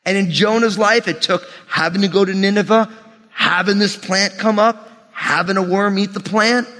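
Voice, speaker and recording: A man preaching a sermon, animated and joking with the congregation, swinging from shouts down to near whispers. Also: high-pitched, normal speed, long reverb tail. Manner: humorous asides to the congregation. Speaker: pastor.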